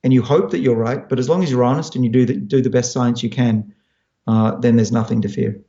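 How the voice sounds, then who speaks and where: A man's voice: mid-range voice, steady tone, fairly quick, mellow, reverberant, dull audio. A man in his fifties from Australia, a scientist thoughtfully explaining his work while answering audience questions. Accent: Australian with American-sounding turns. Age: 50s. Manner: thoughtful, explanatory, frequent restarts. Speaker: scientist guest.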